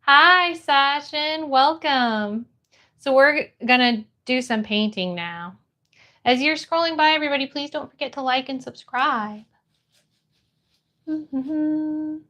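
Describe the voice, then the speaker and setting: A high-voiced young woman hosting a relaxed live stream. She talks at an unhurried pace, reading chat and greeting each viewer with a bubbly lift in her voice.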